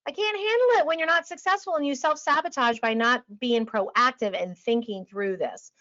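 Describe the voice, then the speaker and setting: A woman giving a passionate, emphatic talk to travel advisors, sometimes dropping to a calm, quiet voice. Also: normal speed. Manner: energetic and emphatic, drops to a calm low voice to demonstrate. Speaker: industry trainer on a webinar panel. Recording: dull lo-fi online audio.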